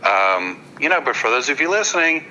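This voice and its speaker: A man with a very bright, sharp-edged voice tells a story as a podcast guest. He stumbles and doubles back on his words as he goes, and a faint noise sits under the recording. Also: medium pitch, very animated, rough recording. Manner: halting, repeats words while building a story; apologetic, checks in with listeners. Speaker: podcast guest, hypnotist comedian. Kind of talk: casual anecdote-telling on a podcast.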